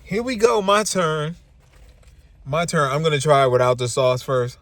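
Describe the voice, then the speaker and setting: A middle-aged man from New Jersey hosting a casual vlog on a handheld phone, lively and chatty, calling his viewers y'all. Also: mid-range voice, unhurried, dry recording. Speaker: vlogger host. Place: restaurant and parked car. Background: music playing.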